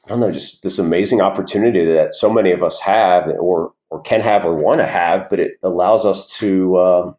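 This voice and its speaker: A man being interviewed as a guest entrepreneur, telling stories in a relaxed, rambling way with many fillers and restarts. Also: sits low, moderate pace, few pauses. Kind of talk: casual interview storytelling.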